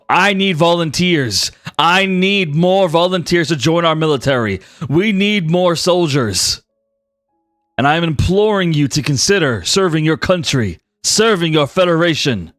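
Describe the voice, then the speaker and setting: A man voicing a stern male president, speaking in a measured, commanding way. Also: fairly high pitch, a bit bright, no room sound, clean studio sound.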